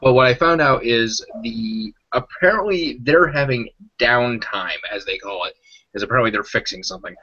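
A man's voice: mid-range voice, expressive, moderate pace, bright, forceful tone, husky. A man hosting a live gaming stream, chatty and rambling, laughing often. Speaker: show host. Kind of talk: casual live-stream interview. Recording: slightly dull lo-fi audio.

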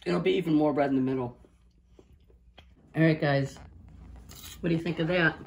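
Low-voiced woman chatting through a home recipe. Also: moderate pace, creaky, a little mellow, a little hiss or hum. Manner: chatty, step-by-step, addresses viewers directly. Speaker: home cooking video host. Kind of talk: casual cooking demonstration. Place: home kitchen.

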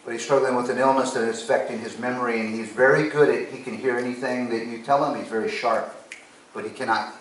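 A man's voice: mid-range voice, fairly even intonation, fast talker, slight background noise. A man preaching a sermon, telling a personal story in an earnest way and acting out the conversations. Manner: earnest storytelling, acts out dialogue. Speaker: pastor. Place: church sanctuary. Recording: echoey church from a distance.

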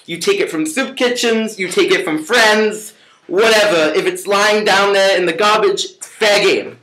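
A man's voice: high-pitched, a little slow, sharp tone. A young man playing his carefree, cocky roommate, mocking and boastful and repeating a catchphrase. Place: room at home. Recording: echoey room.

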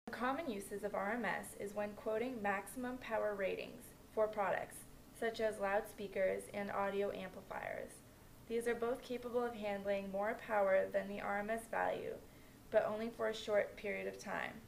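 A woman's voice: medium pitch, fairly even intonation, moderate pace, creaky, slight background noise, rough recording. A young woman narrating a student-made electronics lesson, reading from a script. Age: young adult. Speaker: student presenter.

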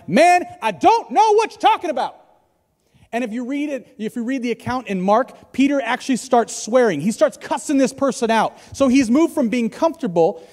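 A man in his thirties preaching a sermon as a pastor, moving between loud emphasis and hushed near-whispers. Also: sits high. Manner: dynamic, swings from loud to hushed. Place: church hall. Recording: church hall with long reverb.

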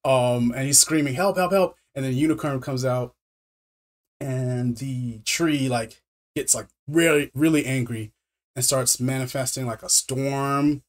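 A man's voice: medium pitch, fairly even intonation, unhurried. A man reviewing a film in a casual recap, stammering and repeating words with many fillers.

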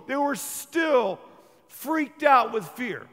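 High-voiced animated preacher in a hall. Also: male voice, normal speed. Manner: animated, acts out quoted voices with humor. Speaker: pastor. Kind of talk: sermon with live painting.

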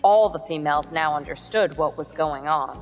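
Lower-voiced woman narrating a story. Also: normal speed. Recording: long reverb with background music.

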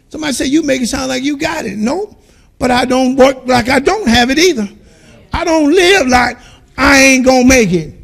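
A man preaching a sermon as pastor, calling out to the congregation and swinging between quiet storytelling and shouting. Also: extremely high pitch, gravelly, breathy edge.

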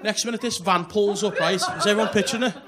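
A man's voice: high-pitched, fast talker. A man with a Liverpool accent doing a sweary stand-up set, chatting with the crowd and checking they follow along. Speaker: stand-up comedian. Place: comedy club stage before a laughing crowd. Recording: live club recording, loud crowd and noise.

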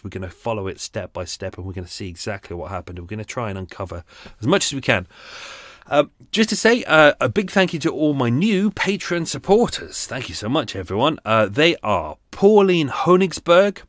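A British man hosts his podcast in a loose, rambling way, joking at his own expense. His pitch moves around a lot, and the recording is dry and close with no room echo. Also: fairly bright tone. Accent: British English. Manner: chatty, self-mocking, rambling asides. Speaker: podcast host. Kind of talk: casual chat. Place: home studio.

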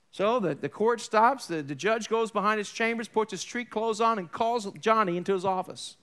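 A man preaching an Easter sermon, telling stories and acting out the voices in them, swinging from loud to soft. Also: high-pitched, moderate pace, hardly any pauses. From New York area. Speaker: pastor.

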